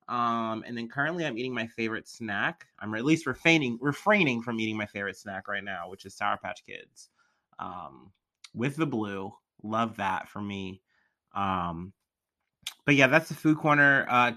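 A man's voice: medium pitch, moderate pace, sharp tone. A young man from the American Midwest hosting a casual solo podcast, rambling and chatty with many fillers. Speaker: podcast host.

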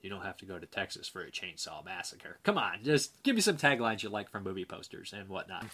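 A man with a somewhat low voice hosts a casual movie review show. He reads viewer comments aloud and rambles between them, hesitant and full of fillers and restarts. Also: big pitch swings, a little fast, sharp tone. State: dry mouth.

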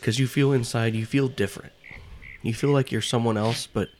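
A man's voice: medium pitch, fairly even intonation, brisk, a little mellow, slight background noise. A man running a tabletop game as game master, joking loosely and tripping over words as he narrates.

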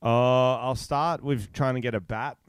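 A man's voice: medium pitch, steady tone, measured pace, smooth, dry recording. A man co-hosting a comedy podcast over a video call, crude and playful, trading jokes and trash talk. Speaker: podcast co-host. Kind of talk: casual comedy chat.

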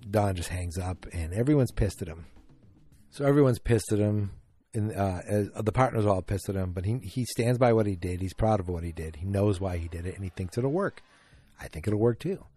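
A man casually recapping a TV episode, rambling and animated as he acts out the characters' lines. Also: fairly low pitch, normal speed, dry recording.

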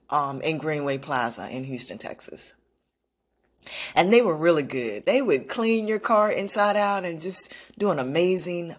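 A woman speaks in a slightly low voice, sharing a personal story in an earnest, unscripted way. She pauses and restarts often as she thinks aloud. Her tone is reflective and direct. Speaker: motivational vlogger.

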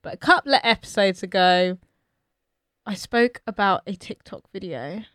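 A young woman co-hosting a podcast, chatting casually with animated, slangy, laughing banter. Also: mid-range voice, normal speed, dry recording, clean studio sound. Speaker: podcast co-host. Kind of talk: casual chat.

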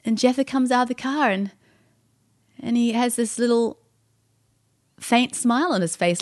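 A woman telling an emotional personal story on a podcast, animated, with her voice climbing high when she quotes others. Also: normal speed, long pauses, no echo, studio quality.

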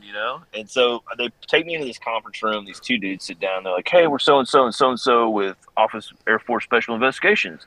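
A middle-aged man, a veteran guest on a podcast, telling a story in a profane, animated way and acting out the voices in it. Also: mid-range voice, fairly quick, few pauses, poor audio. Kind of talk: casual storytelling.

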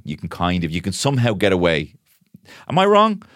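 A man with a very deep, low-pitched voice hosts a comic solo podcast. His intonation swings widely as he rambles, mocks himself and swears freely. The sound is dry and close. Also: huge pitch swings, a little fast, a bit bright, no room sound. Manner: rambling, self-mocking, sweary. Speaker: podcast host.

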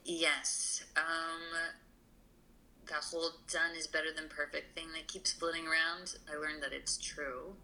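A woman's voice: sits low, little pitch movement, unhurried, pushed and bright, slight background noise, poor audio. A woman guest on a podcast, talking earnestly and emotionally, with lots of fillers and restarts. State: tearful. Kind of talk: conversational interview.

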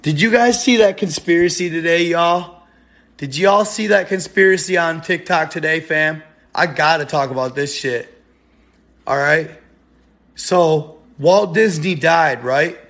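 A man's voice: fairly high pitch, a little slow, a bit bright. A young man rambling casually to his viewers in a live stream, slangy and laughing often.

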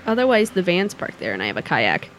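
Woman player, mid pitch, rambling and hesitant, faint hiss behind. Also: wildly swooping pitch, fast. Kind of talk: tabletop game role-play.

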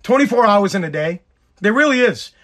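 Hoarse, high-voiced man ranting. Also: expressive, brisk, a bit bright. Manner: heated, profane, repetitive ranting. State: hoarse, voice nearly gone. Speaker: podcast host. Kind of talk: ranting podcast monologue.

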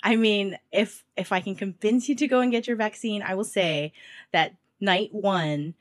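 A woman's voice: medium pitch, normal speed, dry recording, clean studio sound. Stuffy-nosed chatty woman podcaster. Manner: chatty, animated storytelling with laughs. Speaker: podcast co-host. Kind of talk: casual chat.

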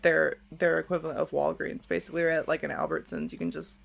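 A woman's voice: low voice, steady tone, fast talker, gravelly, husky. A young woman co-hosting a podcast, chatting frankly and bawdily, often giggling. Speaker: podcast co-host. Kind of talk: casual chat.

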